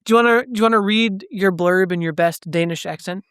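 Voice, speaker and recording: Brisk joking man with a clear voice. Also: sits high, a bit bright, dry recording, clean studio sound. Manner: brisk, joking, steers the review along. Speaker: podcast co-host. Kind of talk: casual chat.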